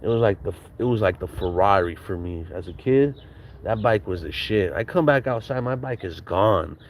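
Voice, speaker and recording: A man's voice: lowish voice, lively intonation, moderate pace, a little hiss or hum. A man casually telling childhood stories in a slangy, profane way, acting out quotes and laughing now and then. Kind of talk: casual storytelling.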